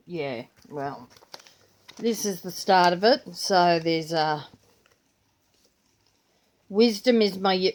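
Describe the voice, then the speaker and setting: An older Australian woman with a grandchild, chatting casually and rambling through her planner and pens in a vlog. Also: on the low side. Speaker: vlogger. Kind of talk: casual chat.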